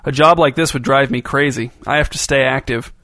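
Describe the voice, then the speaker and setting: A woman's voice: very deep voice, steady tone, a little fast, gravelly, fairly bright tone, no echo, studio quality, heavily acted. A male narrator voicing a restless, adventurous woman on the run who talks bluntly and impatiently in a storybook reading.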